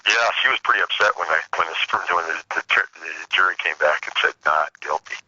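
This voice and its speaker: Man, low voice, forceful tense tone, dry close sound, lo-fi call audio, blunt storyteller. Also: a little fast, no room sound. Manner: blunt, profane and combative, with laughs. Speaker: interview guest. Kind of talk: casual storytelling.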